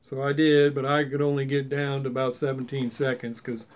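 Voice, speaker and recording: A man's voice: mid-range voice, level tone, fairly quick, slight background noise. A man, chatting casually and rambling in a folksy way while unboxing toy cars for his channel. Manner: chatty, folksy and rambling, with Southern-style grammar. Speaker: die-cast car hobby vlogger.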